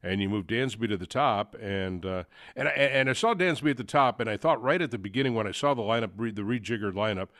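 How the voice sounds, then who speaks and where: A man's voice: on the low side, fast talker, few pauses, a bit bright, dry recording, clean studio sound. A man hosting a sports talk show, talking casually and rambling with many fillers and restarts. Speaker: sports radio host.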